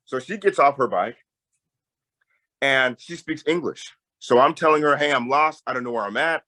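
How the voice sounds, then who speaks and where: Animated man telling a story. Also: mid-range voice, moderate pace, rough recording. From Tacoma, Washington. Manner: animated storyteller, voice jumps up when excited. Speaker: peace campaigner, interviewee. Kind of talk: storytelling in conversation.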